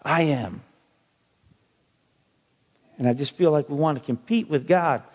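Man preaching, slow emphatic sermon, slightly high voice, muffled recording in a reverberant hall. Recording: dull audio with long hall reverb.

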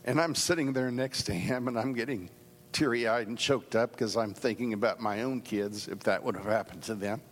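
Middle-aged male preacher, earnest, halting storyteller, mid-pitched, long hall echo. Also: slight background noise. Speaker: speaker giving a devotional talk. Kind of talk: storytelling sermon.

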